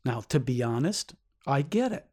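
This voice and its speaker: A man's voice: very animated, normal speed, a little mellow, slightly rough. A man teaching a Bible lesson, explaining earnestly and asking rhetorical questions, his voice climbing sharply when he stresses a point. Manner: rises sharply in pitch for emphasis.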